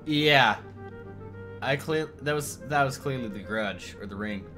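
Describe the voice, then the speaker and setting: A man's voice: mid-range voice, a little slow. A man streaming live, reacting to the video with exclamations and greeting viewers in chat. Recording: music playing behind.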